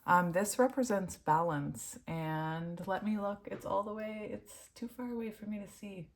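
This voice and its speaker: A woman's voice: medium pitch, normal speed, a little hiss or hum. A woman giving a casual tarot reading at home, giggly and gushing, laughing often and turning emotional. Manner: emotional, heartfelt. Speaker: tarot reader.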